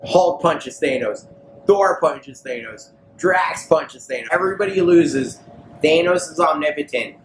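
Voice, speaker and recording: A man on a podcast, slightly drunk, retelling a comic plot in loose slang and quick character voices. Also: on the high side, animated. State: tipsy. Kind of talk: drunk rambling recap. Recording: roomy echo, clear background noise.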